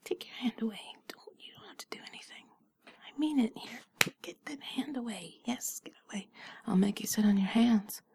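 A young adult woman in a whispered role-play, speaking in an intimate, teasing whisper close to the microphone, with soft hums and giggles. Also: mid-range voice, fairly quick, gravelly, husky.

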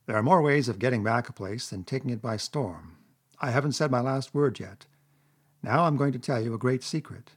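A man voicing a stern old badger, thin dry voice, husky, firm and measured. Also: medium pitch, lightly acted. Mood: kindly. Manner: severe and commanding.

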